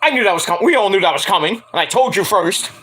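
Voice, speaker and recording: Animated high-voiced man ranting. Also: quick pace, slightly rough. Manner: rambling, joking, profane. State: hoarse from screaming. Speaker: stream host. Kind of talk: casual wrestling news stream.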